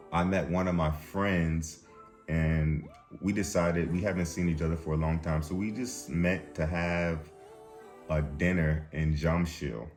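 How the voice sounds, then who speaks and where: A young man with a very deep voice tells a story in a loose, casual way. He acts out the lines of the people in it and laughs at the funny parts, with faint music behind him. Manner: animated, acts out quotes, laughs at his own story. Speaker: vlog host.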